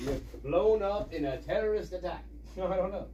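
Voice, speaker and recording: A man's voice: high voice, moderate pace, mellow, muffled recording, a little hiss or hum. A man chatting casually on a livestream, rambling and musing with some profanity. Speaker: streamer.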